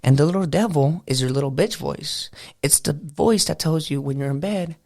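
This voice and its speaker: Male podcast host, early-morning voice with a dry close sound and gravelly edge, rambling casual style. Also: a little high, moderate pace, darkish tone, dry recording. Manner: loose, rambling, says "you know" and "bro" often. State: just out of bed, early morning voice. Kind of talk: casual motivational podcast talk.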